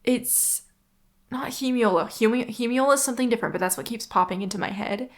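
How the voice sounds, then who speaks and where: A woman's voice: a little high, a little fast. A young woman hosting a solo podcast in a casual, rambling, chatty way, often stopping to correct herself. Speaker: podcast host.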